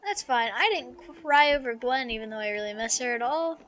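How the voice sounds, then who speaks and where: A woman game streamer gives casual live commentary in a soft, emotional, chatty way. Her voice is high and bright. Faint game music plays behind her. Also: brisk.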